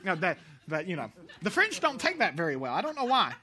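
Brisk and high-pitched, a pastor from the United States preaches with plenty of energy. Along the way he jokes with his congregation and corrects himself.

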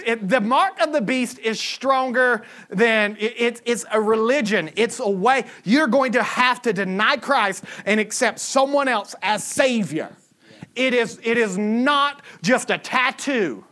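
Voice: mid-range voice, bright, forceful tone. A pastor preaching a humorous sermon to a congregation, acting out quoted voices. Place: church service with a congregation.

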